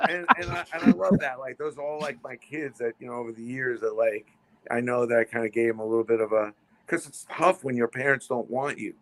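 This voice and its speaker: A man telling stories as a podcast guest, fast and full of restarts and repeated words. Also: medium pitch, fairly bright tone. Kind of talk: casual storytelling.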